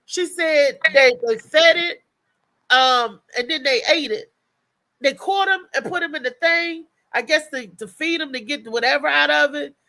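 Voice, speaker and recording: A woman's voice that sits high moves at a measured pace while she co-hosts a casual livestream. Her storytelling is animated, full of restarts and laughter.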